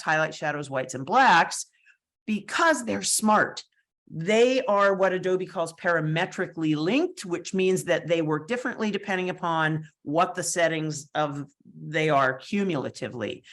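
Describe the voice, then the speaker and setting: A woman with a slightly low voice leads a screen-share tutorial on editing photos. She explains each step in a chatty, casual way, with fillers and quick asides as she works. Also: fairly bright tone.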